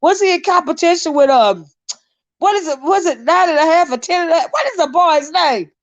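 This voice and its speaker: Woman streamer with a high voice, chatty and giggly, roasting her chat, muffled dry sound. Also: lively intonation, brisk, dry recording. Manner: laughs often, teases her chat, sidetracked and rambling. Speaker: livestream host. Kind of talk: casual live-stream chat reading viewer comments.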